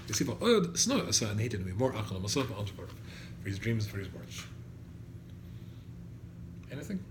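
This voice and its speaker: A rabbi teaches a class of students in an animated Torah lecture, quoting Hebrew verses, translating them and posing questions to the room. His mid-range voice is fast, with lively intonation. The room is echoey, with faint background noise.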